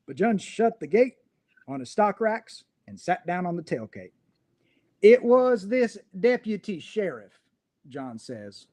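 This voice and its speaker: A man's voice: a little high, a little mellow, slightly rough, heavily acted. A man putting on a drawling pig farmer. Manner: drawling country storytelling voice. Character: folksy rural male pig farmer narrating.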